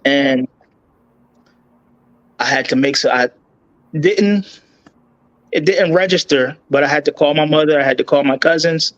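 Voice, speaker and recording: A man telling a painful personal story as an interview guest, choked up and halting, with many restarts and repeated words. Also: a little high, fairly bright tone, low-quality recording.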